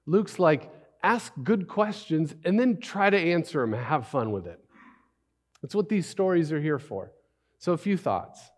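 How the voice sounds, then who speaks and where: A man's voice: fairly high pitch, a little mellow. A man preaching a sermon as a pastor, in a conversational way with many rhetorical questions and repeated phrases.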